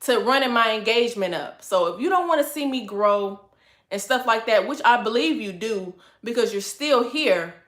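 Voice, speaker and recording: A livestream host with a high, bright voice delivers a sassy, scolding rant while keeping her tone deliberately calm. She calls her viewers "honey" over and over. Her voice echoes around the room.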